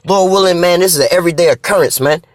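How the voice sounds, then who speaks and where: A man's voice: high-pitched, fast talker, no room sound, studio quality. A man ranting casually in a vlog, preachy and profane, ending nearly every line with "man". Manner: profane and repetitive, tags lines with "man"; preachy, scripture-quoting. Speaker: vlogger reading articles aloud. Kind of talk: casual spoken rant.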